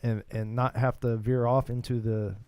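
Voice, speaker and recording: A man's voice: medium pitch, level tone, moderate pace, warm tone, clean tone, no room sound. Man, casual podcast banter, incredulous, laughing. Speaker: podcast guest. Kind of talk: casual chat.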